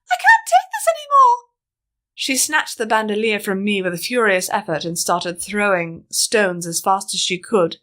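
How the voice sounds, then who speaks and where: Woman, audiobook narrator, steady first-person storytelling. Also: medium pitch.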